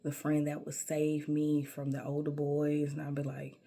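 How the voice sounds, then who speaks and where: Middle-aged woman, low husky voice, sassy personal storyteller. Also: monotone, moderate pace, warm tone. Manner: sassy, emphatic, calls listener baby.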